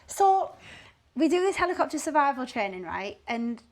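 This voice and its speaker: A woman telling a story in casual chat as a guest, animated, swearing freely and acting out the people she quotes. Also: high voice, normal speed. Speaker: guest, business founder.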